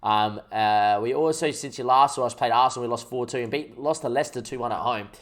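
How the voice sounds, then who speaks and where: A young man hosting his gaming channel, chatting casually and jokily as he thinks out loud over gameplay. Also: mid-range voice, brisk. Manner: rambling, jokey, thinks aloud while playing.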